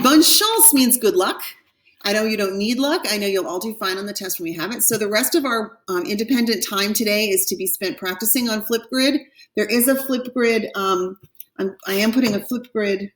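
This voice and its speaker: A woman French teacher giving a recorded class lesson, slowly modelling pronunciations for her students. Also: mid-range voice, distant mic. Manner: slow, careful model pronunciations. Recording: echoey room, voice a bit off-mic.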